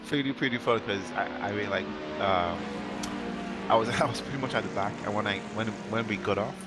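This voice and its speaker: A man's voice: on the low side, brisk, loud music behind the voice. A man in casual voice chat recapping a sim race, rambling with frequent laughs and self-deprecating asides. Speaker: sim racer.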